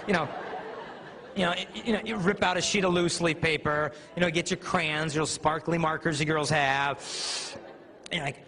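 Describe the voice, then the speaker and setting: Addressing students live, this male youth speaker tells humorous stories and performs different voices. His pitch is fairly high, his intonation fairly even, and his tone bright and forceful at a normal speed. The large hall with an audience sounds reverberant, with faint background noise.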